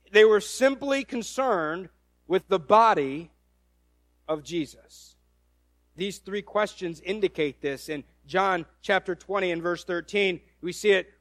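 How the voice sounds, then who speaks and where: Guy preaching a sermon, kinda high voice, tells the story all animated, lots of restarts, dry close mic. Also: no echo.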